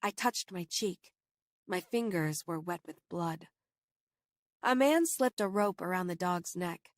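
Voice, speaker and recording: A woman's voice: fairly low pitch, dry recording. Woman narrating a horror audiobook, dry sound. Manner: steady, measured storytelling. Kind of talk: scripted first-person audiobook narration.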